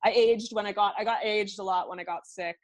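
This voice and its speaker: A woman's voice: mid-range voice, steady tone, fairly quick. A woman in her thirties with a Canadian accent, a singer chatting freely as an interview guest, laughing often and filling with "like". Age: 30s. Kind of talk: casual interview chat.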